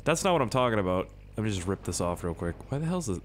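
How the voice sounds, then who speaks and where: An excitable young man talks over his gameplay into a desk mic. His pitch swings widely as he jumps from squeaky shouts to low, muttered asides. He rambles, swears freely and keeps an easy, chatty flow. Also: quick pace, background noise. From Canada. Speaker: gaming video host. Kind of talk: casual gameplay commentary.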